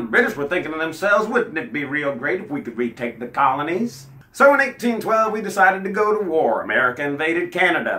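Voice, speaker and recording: Bard-type male storyteller, bright and a bit high-voiced, wisecracking comic history with guitar behind. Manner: wisecracking, breaks into song. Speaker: folk singer and storyteller.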